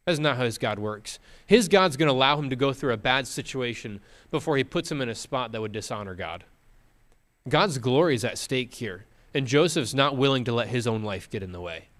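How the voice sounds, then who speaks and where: A man preaching a sermon, retelling a story with dramatic pauses and questions to the congregation. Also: mid-range voice, lively intonation, fairly bright tone.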